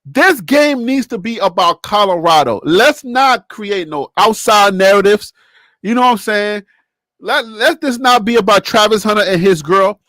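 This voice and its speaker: A man's voice: high voice, expressive, normal speed, fairly bright tone, dry recording. A man co-hosting a casual sports talk show, emphatic and laughing often as he lectures.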